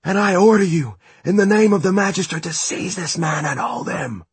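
A man voicing a desperate, defiant young woman in an audiobook, shouting orders in a raised voice. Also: high voice, animated, normal speed, breathy edge, no room sound, voice pushed up, full character voice. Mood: commanding shout.

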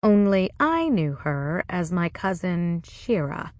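Woman narrator, slow measured audiobook reading, lowish voice, dry close sound. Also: very animated, no room sound, muffled recording. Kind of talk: first-person audiobook narration.

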